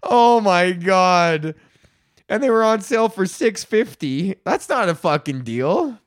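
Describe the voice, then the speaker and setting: A man's voice: high voice, very animated, normal speed. A man hosting his own podcast in a casual ranting monologue, swearing constantly, rambling and laughing often. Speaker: podcast host.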